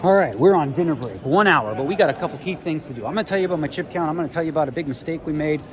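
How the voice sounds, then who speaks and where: A man's voice: a little high, animated, rapid-fire. A middle-aged Canadian man vlogging casually to camera, chatty and joking, swearing freely as he explains poker hands. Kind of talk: casual vlog talk to camera. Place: busy casino tournament room. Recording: crowd chatter behind.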